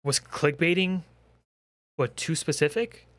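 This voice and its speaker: A man's voice: a little high, expressive, a little slow, fairly bright tone, no echo. A young man in a comedic rant, exasperated and profane, firing off rhetorical questions. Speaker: commentary creator.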